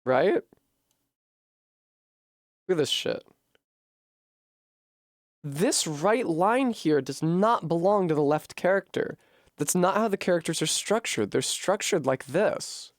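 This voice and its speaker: A man streaming a game from home, working through a puzzle out loud at a desk microphone with frequent swearing and frustration. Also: a little high, expressive, slow pace, pauses often, no echo, studio quality. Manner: profane, puzzling aloud, frustrated. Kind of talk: live-streamed gameplay commentary.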